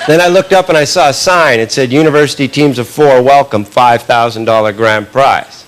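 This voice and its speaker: A man doing stand-up comedy, telling a long story in a punchy, animated way and often tagging lines with a quick question. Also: medium pitch. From Canada. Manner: animated, punchy delivery with frequent tag questions. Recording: live recording with audible background noise.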